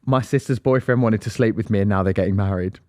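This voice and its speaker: A man's voice: fairly low pitch, fast, mellow, dry recording, clean studio sound. A young man co-hosting a podcast in easygoing, casual chat, reading out listener questions and swearing now and then. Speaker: podcast co-host.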